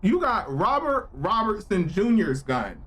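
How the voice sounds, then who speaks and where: A man streaming a game live, reacting with loud, profane exclamations and joking with his chat in slang. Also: high voice, very animated, unhurried, slightly rough. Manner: slangy, playful banter with chat. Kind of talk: live gameplay reaction commentary.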